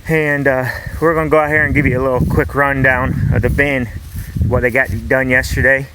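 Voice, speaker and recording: A man's voice: mid-range voice, fairly quick. A man in his thirties hosting a farm vlog, talking in an easygoing, rambling way with plenty of fillers as he walks around outdoors. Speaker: farm vlogger, host. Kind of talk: casual vlog narration. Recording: outdoor camera recording with steady background noise.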